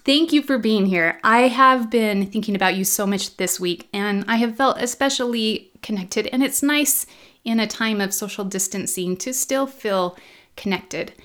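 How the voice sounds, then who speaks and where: A woman in her forties hosting a solo podcast from a home basement, speaking warmly and emotionally to her listeners. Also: medium pitch, moderate pace. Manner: warm, emotional, choking up with laughter. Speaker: podcast host.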